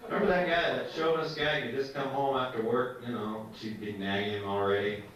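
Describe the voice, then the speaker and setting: A man's voice: mid-range voice, steady tone, a little fast. Man doing stand-up in an echoey club. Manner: teasing, talks to the crowd. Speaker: stand-up comedian. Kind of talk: stand-up comedy set. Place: comedy club. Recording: echoey club from far off, loud room noise. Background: audience laughter.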